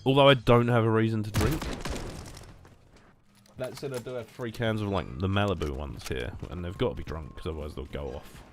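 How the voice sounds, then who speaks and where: A man's voice: lowish voice, a little fast, slight background noise. A British man of twenty-seven giving casual, self-mocking gameplay commentary in a rambling, sarcastic way. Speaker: gaming streamer. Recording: loud gunfire over voice.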